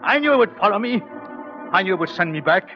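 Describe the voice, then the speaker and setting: A man playing the leading husband and narrator in a 1940s radio drama, talking in a hushed, intense, pleading way. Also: sits high, lively intonation, fast talker. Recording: dull 1940s radio broadcast with faint music.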